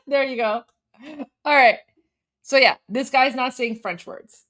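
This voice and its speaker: A woman's voice: fairly high pitch, moderate pace, fairly bright tone. A woman in her forties from Canada, hosting a live stream in a bubbly, chatty way with frequent laughter. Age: 40s. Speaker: livestream host. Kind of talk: casual live-stream chat.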